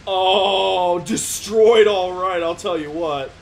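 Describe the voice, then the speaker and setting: A man giving loud, laughing, swearing commentary while playing a game with a friend. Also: high-pitched, slow, gravelly, slight background noise. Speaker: let's play gamer. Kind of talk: excitable gameplay commentary.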